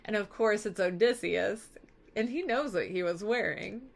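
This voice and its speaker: A woman teacher giving a chatty, lively recap of a story for a class, acting out the characters' lines as she goes. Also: medium pitch, normal speed, vocal fry. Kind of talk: casual literature lesson recap.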